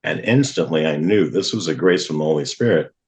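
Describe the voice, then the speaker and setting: A man's voice: a bass voice, animated, a little fast, darkish tone. A middle-aged man, a guest on a talk show, earnestly telling a personal testimony and acting out what others said. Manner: earnest, vivid retelling with acted-out quotes.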